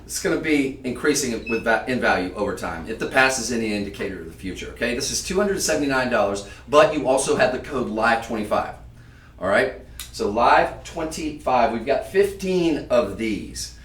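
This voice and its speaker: A man hosting a live-stream jewelry sale, talking to viewers in a chatty, emphatic sales pitch. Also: fairly bright tone, reverberant, recorded from a distance. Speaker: shopping channel host.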